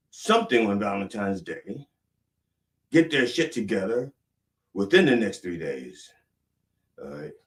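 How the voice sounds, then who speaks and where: Maryland guy doing a goofy sermon, low voice that jumps all over, a bit off-mic. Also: recorded from a distance. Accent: northern Maryland. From northern Maryland. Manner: preachy, swings from booming prayer to mumbled asides. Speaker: comedic preacher host. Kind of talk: mock sermon comedy.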